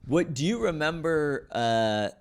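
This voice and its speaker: A man's voice: on the high side, animated, a little slow, clean tone. A man hosting a casual podcast interview, asking loose, rambling questions full of fillers and giving frequent short replies. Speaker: podcast host.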